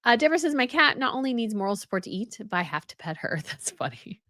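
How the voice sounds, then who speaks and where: A woman's voice: a little high, big pitch swings, fast talker, bright, forceful tone, no echo, studio quality. Chatty woman hosting a live stream. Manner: chatty, restarts and repeats phrases. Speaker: host of a royal news live stream. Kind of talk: casual live chat reading viewer comments.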